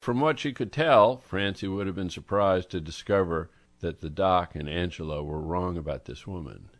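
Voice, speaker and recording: A low-voiced man narrates an audiobook from a script, keeping his storytelling steady and measured. The studio sound is clean, with no room sound at all.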